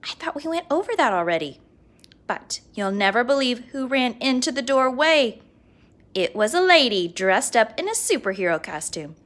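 A woman reading a children's book aloud in an expressive, playful way. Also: a little high, normal speed. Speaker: storybook reader.

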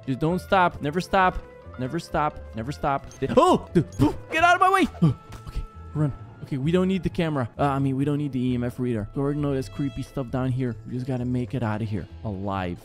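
A man's voice: mid-range voice, fast talker, soft background music. A young man hosting a gaming channel, giving jumpy, exclaiming commentary on a horror game and talking to his viewers.

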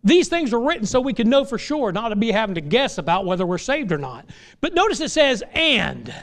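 Very animated and brisk, a middle-aged pastor preaches from the pulpit in a voice sitting high for a man. His plainspoken, folksy style keeps climbing into impassioned crescendos.

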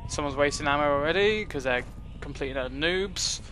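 A young man giving casual, excitable commentary while playing a game, joking and swearing at what happens on screen. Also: on the high side, brisk, noisy background. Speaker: gaming commentator.

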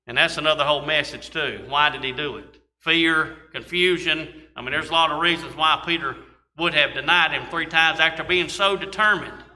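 Pastor, male, folksy sermon delivery, tense bright voice. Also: fairly high pitch. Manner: folksy preaching with scripture reading and asides. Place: church sanctuary. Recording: long church reverb.

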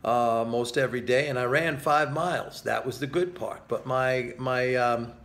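A man's voice: mid-range voice, fairly even intonation, moderate pace, a bit bright. A middle-aged man giving casual, sarcastic market commentary to viewers, talking to them as folks.

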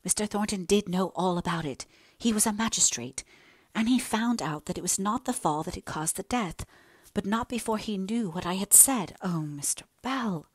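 A woman's voice: medium pitch, animated, moderate pace, slightly rough, no echo. A woman voicing an earnest, remorseful young woman in an audiobook, confessing in an emotional, pleading way. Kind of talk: audiobook character reading.

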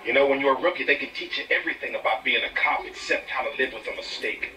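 A man plays a gentle, worn-out police officer in a film, speaking in a quiet, confiding way. The clip sounds distant, with a film score behind it. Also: medium pitch, fast talker, roomy sound, music in the background, close to an everyday voice. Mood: rueful. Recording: film audio with score, from far off.

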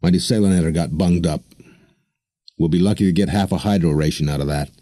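A man voicing a gruff, blunt, cold loner sailor who speaks tersely. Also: a little fast, dark tone, no echo, clean studio sound. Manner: blunt, terse, gravelly low.

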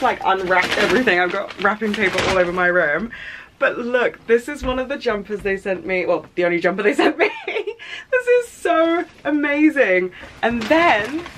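A young woman vlogging in a casual, chatty and excitable way, rambling with fillers. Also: on the low side, a little hiss or hum. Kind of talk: casual vlog chat.

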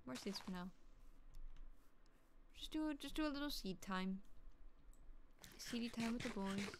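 A woman's voice: a little high, expressive, a little slow, background noise. A woman, streaming a game and chatting casually in a crude, jokey way, humming and muttering to herself as she plays. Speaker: gaming streamer. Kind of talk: casual gameplay commentary.

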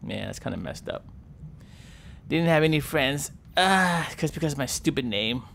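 A man's voice: fairly high pitch, lively intonation, normal speed, vocal fry, a bit bright, a little hiss or hum. A man voicing a sulky young male sperm whale who mutters and complains about being teased. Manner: mopey, muttering, self-pitying. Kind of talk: playful game commentary role-play.

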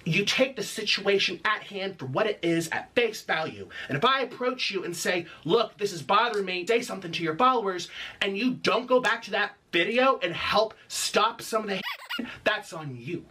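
A man's voice: high-pitched, huge pitch swings, normal speed, bright, forceful tone, husky. A man delivering an angry, confrontational rant full of accusations and sarcasm. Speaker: video creator in an online feud.

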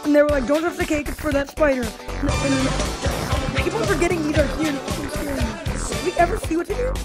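A woman commentating her own gameplay for viewers, reacting in a jumpy, excitable way and talking straight to them. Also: sits high, normal speed, loud music behind the voice, poor audio. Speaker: gaming video host.

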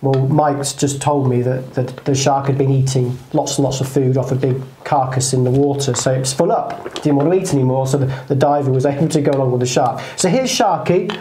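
A man co-hosting a casual motivational chat, telling stories in an animated way and putting on voices. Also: mid-range voice, brisk, few pauses, a little hiss or hum. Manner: animated storyteller, puts on voices. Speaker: co-host. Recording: roomy echo.

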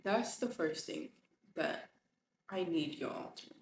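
A woman's voice: lowish voice, slow. A woman hosting a faith talk podcast, speaking expressively and emphatically and repeating phrases for emphasis. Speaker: podcast host. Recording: echoey room with faint noise.

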